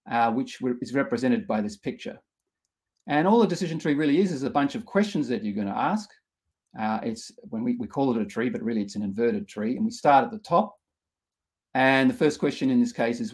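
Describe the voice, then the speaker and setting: A man's voice: medium pitch, darkish tone. A man running an online workshop, explaining concepts step by step with frequent restarts and fillers. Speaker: workshop instructor. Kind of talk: live online lecture.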